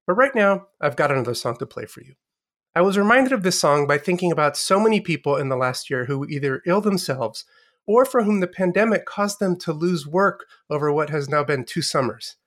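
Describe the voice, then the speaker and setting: A man with a fairly high voice co-hosts a casual podcast. He chats easily and leads into each song. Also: expressive, fairly quick, fairly bright tone. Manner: conversational, introduces songs. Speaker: co-host.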